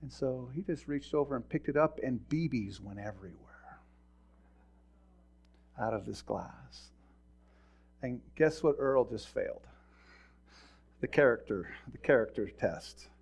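A man's voice: mid-range voice, expressive, unhurried, vocal fry, long pauses, slightly rough. A middle-aged man, a pastor, giving a folksy sermon full of stories, often repeating words and chuckling as he tells them. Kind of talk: sermon with storytelling.

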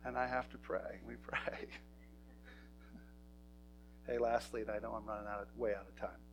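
A man's voice: on the low side, poor audio. A man preaching a sermon in a church, talking to his congregation in an emphatic, conversational way. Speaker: pastor.

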